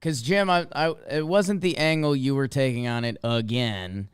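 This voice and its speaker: A man's voice: mid-range voice, normal speed, smooth. A man co-hosting a sports podcast, easygoing and ribbing his partner playfully. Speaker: podcast co-host. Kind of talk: casual sports podcast banter.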